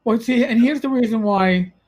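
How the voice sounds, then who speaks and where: A man's voice: very high voice, moderate pace, darkish tone, rough recording. A man with a New York accent hosting a podcast, chatting in a rambling, self-correcting way. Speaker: podcast host. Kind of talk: casual podcast chat.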